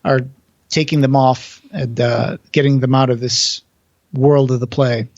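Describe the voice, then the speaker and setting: A man on a podcast, casually retelling a play's plot, acting out the quoted lines and pausing with fillers. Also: medium pitch, fairly even intonation, a little mellow, no room sound, dull audio. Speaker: podcast co-host.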